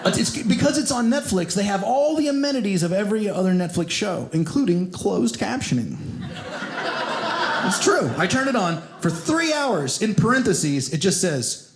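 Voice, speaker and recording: A man's voice: high-pitched, normal speed, heavy background noise. A man from Kentucky doing a stand-up comedy set, telling stories and acting out the voices of people in them. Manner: animated storytelling, acts out quoted voices. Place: comedy club stage. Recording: echoey theater with loud audience laughter.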